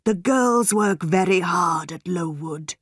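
Storybook villain: woman reading a stern, solemn schoolmaster, slow and dry. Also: on the low side, husky, dry recording. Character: stern cruel tall male schoolmaster.

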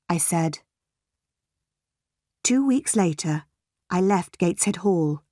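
A woman narrating a simplified novel for an audiobook, reading slowly, clearly and deliberately. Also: fairly low pitch, expressive, warm tone, dry recording, studio quality.

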